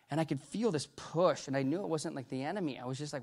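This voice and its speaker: A middle-aged man preaching a personal testimony, halting and rambling with many restarts, swinging between loud bursts and hushed retelling. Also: a little high. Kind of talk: sermon testimony.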